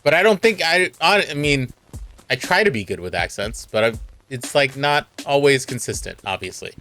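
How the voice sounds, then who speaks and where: A man's voice: medium pitch, animated, moderate pace, bright, forceful tone, soft background music. Laid-back Californian man telling a story. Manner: rambling, self-mocking, laughs a lot. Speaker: streamer. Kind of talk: casual storytelling on stream.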